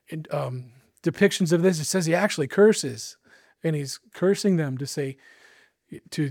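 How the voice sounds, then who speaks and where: A man's voice: on the high side, darkish tone, dry recording, clean studio sound. A man preaching a sermon, earnest and emphatic, with casual asides to his listeners.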